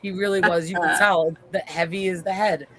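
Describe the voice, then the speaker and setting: A podcast co-host in a casual show recap, retelling scenes with lively acted-out quotes. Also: medium pitch, brisk. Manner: animated retelling, acts out quotes.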